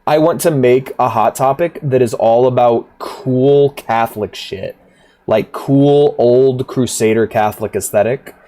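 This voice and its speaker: A man's voice: medium pitch, measured pace, mellow. A man streaming a rhythm game, chatting casually in a rambling, profane way, laughing often. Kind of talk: casual livestream chat.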